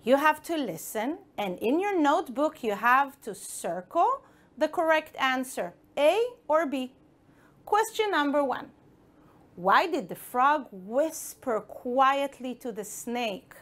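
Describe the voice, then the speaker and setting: A woman's voice: sits high, sing-song, slow, a bit bright. A woman with an Israeli accent teaching an English lesson to children, encouraging them and asking them questions. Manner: encouraging, addresses pupils directly with questions. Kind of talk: broadcast school lesson for children.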